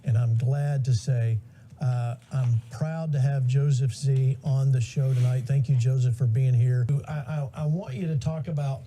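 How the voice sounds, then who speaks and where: Casting: male TV host, very dark tone, earnest, on a clip with faint hiss. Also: medium pitch, fairly even intonation, a little slow. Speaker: TV show host. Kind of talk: broadcast interview. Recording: played-back clip with faint noise.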